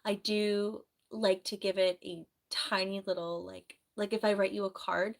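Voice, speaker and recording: A woman on a casual live stream, chatting and rambling in a soft voice. She has a sore throat and keeps clearing it. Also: medium pitch, level tone, unhurried. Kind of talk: casual live-stream chat reading comments.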